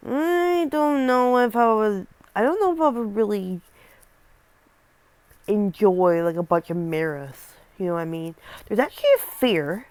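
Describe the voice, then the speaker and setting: A woman's voice: mid-range voice, dry recording. A young woman reading a scary story aloud and breaking off for casual, rambling asides, often stumbling over words.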